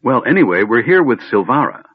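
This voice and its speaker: A man voicing an eager, chatty male kender who tells tales excitedly and stammers at times. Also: medium pitch, brisk, husky, no echo. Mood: hopeful. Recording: tinny phone-like line, dry.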